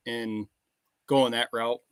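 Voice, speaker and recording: A man's voice: mid-range voice, little pitch movement, slow, clean tone, dry recording. A man in his thirties, a farmer, talking casually and plainly on a podcast.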